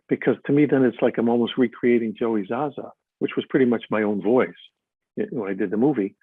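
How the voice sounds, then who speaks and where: A husky, breathy-voiced older man rambles through stories in a live interview, restarting his sentences and stacking up fillers. The sound is tinny and phone-like, and dry, with no room echo. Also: medium pitch, fast talker. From Chicago. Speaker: actor being interviewed. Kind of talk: live stage interview, storytelling.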